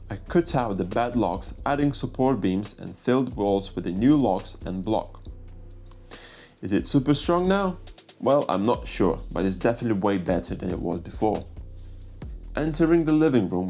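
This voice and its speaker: A man's voice: fairly low pitch, warm tone. A man narrating a voice-over on his farmhouse renovation, explaining each step plainly with slightly non-native phrasing. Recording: faint music behind.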